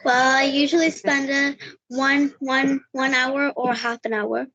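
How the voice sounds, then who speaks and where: A young girl from India speaks over a video call in Indian English, reaching for a British accent. Her voice is high and she hesitates, repeating words as she goes. The call audio is dry and dull. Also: level tone, a little slow, pushed and bright, dry recording. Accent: Indian English, imitating British. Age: child.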